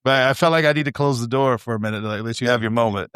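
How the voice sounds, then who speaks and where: A man co-hosting a podcast, telling stories in an animated, swearing, laughing casual chat. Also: mid-range voice, rapid-fire, clean tone, dry recording, clean studio sound. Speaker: podcast co-host.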